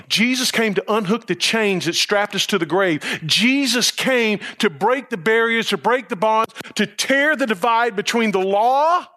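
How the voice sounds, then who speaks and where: Emphatic and forceful, a man preaches as pastor, his high, bright voice leaning on repeated phrases and rhetorical questions.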